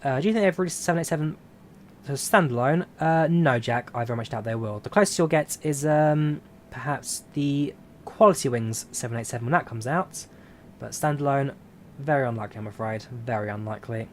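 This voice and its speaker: A man streaming a flight simulator, chatting casually and answering viewer questions in a relaxed, rambling way. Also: mid-range voice, brisk, a little hiss or hum. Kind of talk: casual live-stream chat.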